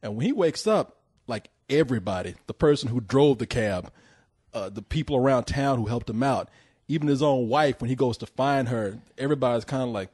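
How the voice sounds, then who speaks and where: A man's voice: medium pitch, animated, brisk, darkish tone, husky. A man reviewing a film in casual chat, joking, laughing often and acting out quotes.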